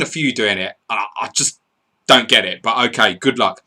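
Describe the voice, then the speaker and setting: Chatty man with a bright voice. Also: fairly low pitch, moderate pace. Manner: chatty, excitable, reads chat and score updates aloud. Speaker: live stream host. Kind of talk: casual live commentary and chat.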